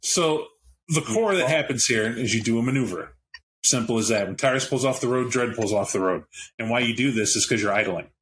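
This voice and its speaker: A man narrating as game master of a tabletop role-playing game, rambling and animated. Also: fairly low pitch, slight background noise, rough recording.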